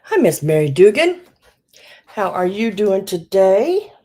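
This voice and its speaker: A woman's voice: medium pitch, big pitch swings, slow, dark tone. A woman hosting a live vintage sale, chatting casually and rambling with many ums, a bit out of breath. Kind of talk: casual live-stream chat.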